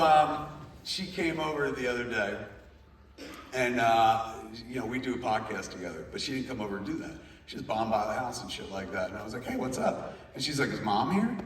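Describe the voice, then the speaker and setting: A man's voice: mid-range voice, fairly bright tone. Profane storytelling man in an echoey hall. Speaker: guest at a convention Q&A panel. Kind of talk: comic anecdote to a live audience. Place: large convention hall stage. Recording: echoey hall, voice from far off, crowd noise. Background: audience in a large hall.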